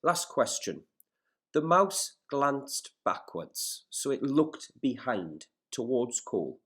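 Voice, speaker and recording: A male teacher reading a story aloud in a recorded lesson, stopping to explain words and setting questions in a patient, measured way. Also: mid-range voice, big pitch swings, a bit bright, slightly rough. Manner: careful, measured classroom delivery.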